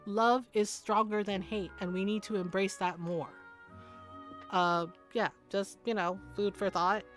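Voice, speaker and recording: A woman in her forties talks straight to her stream chat, outspoken and profane, with frequent laughter. Her voice sits at an ordinary pitch for a woman. Soft music plays quietly underneath. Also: steady tone, measured pace. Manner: frank, heated and profane, laughing often. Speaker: game streamer. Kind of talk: casual livestream chat.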